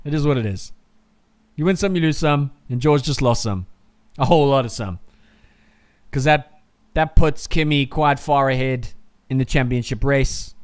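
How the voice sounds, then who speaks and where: Guy doing a live race watchalong, kinda high clean voice, swearing and ranting at the screen. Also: smooth. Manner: heated, profane ranting that swings to muttering. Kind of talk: live reaction commentary.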